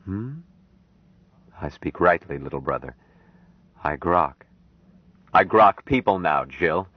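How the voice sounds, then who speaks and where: A man reading an audiobook, voicing a calm grown man raised apart from people, speaking slowly and earnestly. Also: sits low, dry recording, heavily acted. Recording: dry, dull lo-fi audiobook recording.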